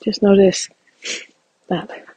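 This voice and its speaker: A man speaking softly and reflectively as he guides a walking meditation outdoors in a field. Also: takes it slowly, lo-fi sound. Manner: calm, reflective, soft-spoken.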